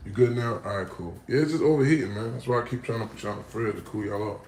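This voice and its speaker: A man from Harlem, hosting a phone livestream from home and telling a story in an animated, profane way that swings from loud to hushed. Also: mid-range voice, racing, slight background noise. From Harlem, New York.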